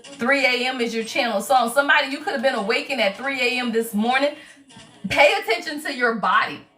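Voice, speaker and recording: A high-pitched woman with a bright, sharp tone, talking animatedly through a livestream tarot reading. She preaches to her viewers and keeps asking "right?" Her voice sounds a little far from the mic, with faint music underneath. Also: fairly quick. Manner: animated and preachy, with many repeated "right?" and "y'all" asides. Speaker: tarot reader and spiritual advisor.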